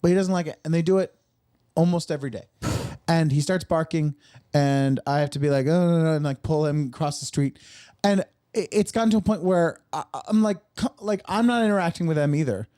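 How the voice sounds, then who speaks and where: Man, higher pitch, exasperated rant, casual podcast chat, dry studio sound. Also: a little fast, mellow, no room sound. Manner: exasperated ranting storyteller. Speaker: comedian.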